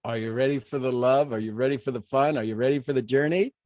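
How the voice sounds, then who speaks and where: A middle-aged man hosting a live motivational stream, emotive and exuberant, moving between hushed intensity and excited outbursts. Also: mid-range voice, quick pace, no echo. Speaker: motivational speaker hosting a livestream. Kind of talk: live motivational talk to an online audience.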